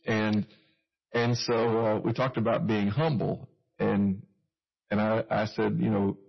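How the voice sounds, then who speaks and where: A man's voice: lowish voice, little pitch movement, slow pace, vocal fry, breathy edge, lo-fi sound. A man preaching a conversational sermon, chuckling at himself now and then. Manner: conversational, with self-deprecating asides and chuckles.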